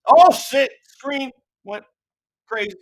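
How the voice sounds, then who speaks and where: A young adult with a New York accent co-hosts a live reaction stream in loose, casual talk. The voice swings widely in pitch as it rants, jokes and swears. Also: lively intonation, slow, rough recording. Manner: loud, profane, joking rants.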